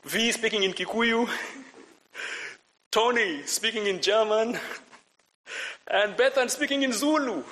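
Man preaching, lively sermon, fairly high voice, repeats himself, quizzes the congregation. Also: a little slow, pauses often, rough recording. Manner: animated, asks the congregation questions and repeats phrases. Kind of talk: lively sermon with audience participation.

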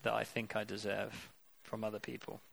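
A man's voice: fairly low pitch, monotone, normal speed, creaky, a bit bright. A man preaching a sermon, earnest and conversational, with rhetorical questions to his congregation.

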